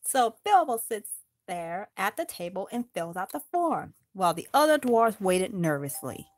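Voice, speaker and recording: A woman's voice: mid-range voice, sing-song, normal speed. A woman improvising a toy story, narrating with halts and restarts.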